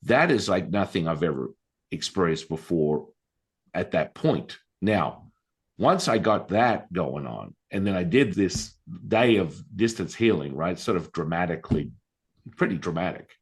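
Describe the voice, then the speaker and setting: A man tells a personal story as a podcast guest. His voice sits low, but his intonation rises and falls a lot as he gets animated. He drops into quick impressions of the people he is describing and stresses the unbelievable parts. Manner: animated, acts out quoted voices; conversational, emphatic. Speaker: podcast guest, Taoist master and healer. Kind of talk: casual storytelling.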